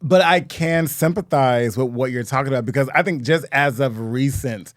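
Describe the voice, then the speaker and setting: A man in his thirties co-hosting a podcast, chatting casually and throwing in quick, playful jokes. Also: no room sound, clean studio sound. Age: 30s. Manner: playful, quick joking interjections, lively swings in pitch. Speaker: podcast co-host. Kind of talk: casual chat.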